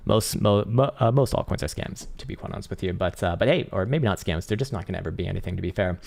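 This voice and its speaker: A man's voice: sits low, quick pace, vocal fry, a little mellow. A man hosting a casual crypto chart livestream, rambling and profane with lots of fillers, his voice strained and tired. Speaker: crypto trading livestream host.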